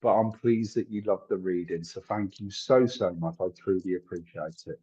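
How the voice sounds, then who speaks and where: A man with a husky, slightly breathy voice gives a live psychic reading. He talks in a chatty, apologetic way, full of fillers and asides. The stream audio sounds dull and lo-fi. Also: sits low, normal speed, mellow. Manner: chatty, apologetic, thinks aloud with many fillers. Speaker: psychic medium.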